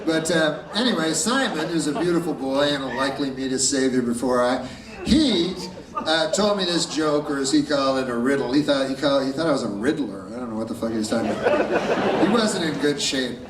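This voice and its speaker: A male stand-up comedian telling a long joke in a deadpan, halting way, with drawn-out pauses. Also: medium pitch. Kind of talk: stand-up set. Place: large live venue. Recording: echoey live hall, far mic, loud crowd.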